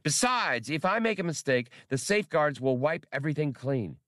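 A man's voice: on the high side, big pitch swings, normal speed, a bit bright, no echo, clean studio sound, voice pushed up. A man voicing a small, childish male computer probe droid, eager and helpful, in an audiobook. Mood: wounded. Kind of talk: audiobook character voice.

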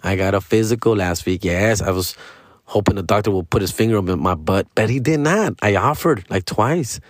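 A man's voice: lowish voice, moderate pace, no echo, studio quality. A man doing a casual comedic monologue, slangy and profane, tagging sentences with "fool" and "dog" and slipping into Spanish. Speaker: comedian and podcast host.

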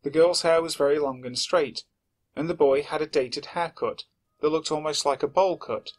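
A man reading a submitted first-person horror story aloud in a steady, measured narration that slows at the tense moments. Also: on the high side. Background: faint background music.

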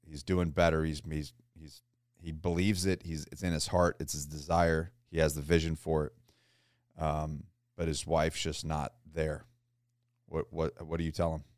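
A man hosting a podcast in a low, smooth, resonant voice. He builds his questions slowly, repeating words as he goes. The recording is dry and close. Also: a little mellow, dry recording. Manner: rambling, repeats himself while framing questions. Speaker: podcast host. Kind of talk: casual interview questions.

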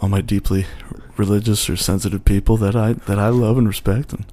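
A man's voice: on the low side, level tone, brisk, mellow. A man from near the US–Mexico border, a comedian guest, talking bluntly and mocking himself in a casual podcast chat. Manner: blunt, self-mocking, laughs easily.

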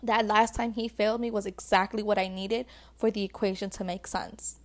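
A woman's voice: medium pitch, steady tone, moderate pace. A woman vlogger talking casually and emotionally to her viewers about relationships, full of "like" and calling them sis and babe. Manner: chatty, emotional, calls viewers sis and babe, many likes. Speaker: vlogger giving relationship advice. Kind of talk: casual heartfelt talk to viewers.

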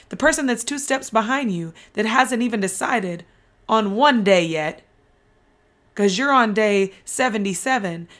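Hoarse woman podcaster, fired up. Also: mid-range voice. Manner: energetic, emphatic, casual with occasional swearing. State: losing her voice, out of breath. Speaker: podcast host. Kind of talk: motivational podcast monologue.

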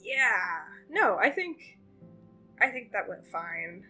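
A breezy young companion, as a man puts them on, talks in a raised, bright voice. The tone is offhand and unbothered. Faint music plays beneath. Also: sits high, big pitch swings, slow, creaky, breathy edge, voice pushed up, full character voice.

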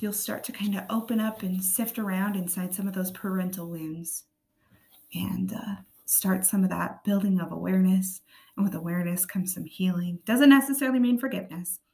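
Woman, raspy voice, podcast host, casual earnest monologue, frequent check-in questions. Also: mid-range voice, warm tone. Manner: earnest, checks in with tag questions like "right?" and "okay?".

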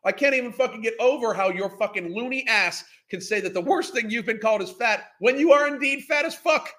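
Male podcast host, high bright voice, profane incredulous rant. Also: brisk. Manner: profane, exasperated, incredulous ranting. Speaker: podcast host reacting to clips. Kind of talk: ranting commentary.

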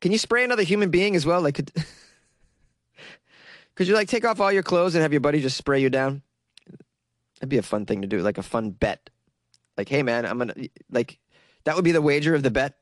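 A man's voice: on the high side, lively intonation, moderate pace, pauses often, no room sound. A young man from Massachusetts with a Massachusetts accent, riffing sarcastically on an odd news story and laughing at his own jokes. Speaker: comedic news commentator.

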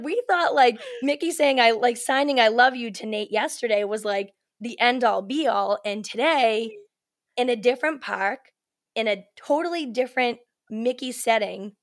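A woman telling a story as a podcast guest, in a chatty, animated way full of "like" and "you know", acting out what people said. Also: on the high side. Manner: animated, acts out quoted lines. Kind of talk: casual storytelling chat.

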